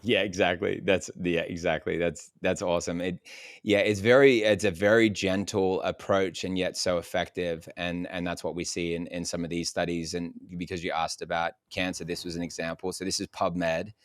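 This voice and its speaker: Deep-voiced guy on an interview, gets all fired up, stumbles and restarts, dry mic. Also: normal speed, dry recording. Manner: excited, emphatic, restarts often. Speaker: guest. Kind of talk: enthusiastic interview talk.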